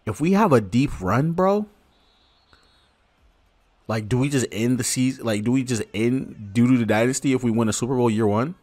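A man streaming a football video game, giving excitable, slangy live commentary and talking to his viewers. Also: mid-range voice, normal speed. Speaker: gaming streamer. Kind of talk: casual live gameplay commentary.

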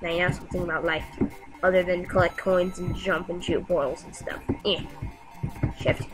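A woman giving casual gameplay commentary, excitable and talking back to the game with frequent yelps and exclamations. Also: lowish voice, normal speed, over music, low-quality recording. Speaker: gamer.

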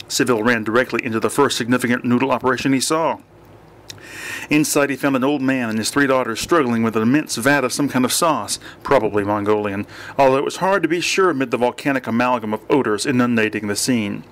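Guy reading an audiobook, dry and even, normal pitch. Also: fast talker. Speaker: audiobook narrator. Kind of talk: audiobook narration.

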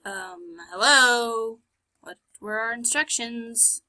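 A woman's voice: on the high side, lively intonation, measured pace, bright, forceful tone. A woman commenting on her own playthrough of a game, chatty and sarcastic, talking back to the characters on screen. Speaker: gamer. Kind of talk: let's play commentary.

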